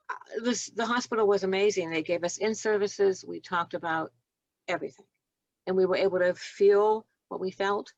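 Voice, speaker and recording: A woman in her seventies, a retired nurse telling heartfelt stories in an interview, earnest and gentle. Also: mid-range voice, dry recording, lo-fi sound. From United States. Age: 70s. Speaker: guest, retired nurse and author. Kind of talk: reflective storytelling interview.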